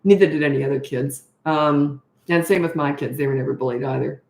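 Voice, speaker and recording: A middle-aged woman coaching parents in a casual question-and-answer talk, frank and chatty, trailing off and restarting, climbing high when exasperated. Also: fairly quick, vocal fry, a little mellow. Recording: echoey room.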